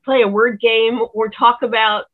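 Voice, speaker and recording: A woman's voice: a little high, little pitch movement, moderate pace. A woman musician giving rambling, earnest advice in casual chat, heard over a tinny phone-like line. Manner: rambling, earnest, many restarts. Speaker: musician guest.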